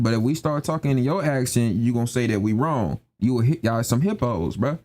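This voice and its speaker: A man's voice: medium pitch, fairly quick, few pauses, dark tone. A young man ranting emphatically in slangy casual talk on a live stream, repeating his points. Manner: emphatic, repetitive, slangy, keeps asking "you know what I'm saying".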